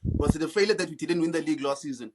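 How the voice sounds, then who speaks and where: Relaxed man, slangy. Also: on the high side, noisy background. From South Africa. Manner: relaxed, slang-heavy, halting. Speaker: podcast co-host. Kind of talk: casual football chat.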